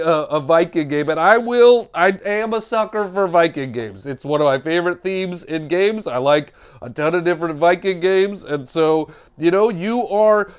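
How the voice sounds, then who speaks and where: A man hosting a comedic board game unboxing, talking in an animated, jokey way and exclaiming over each component. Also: high-pitched, clean tone.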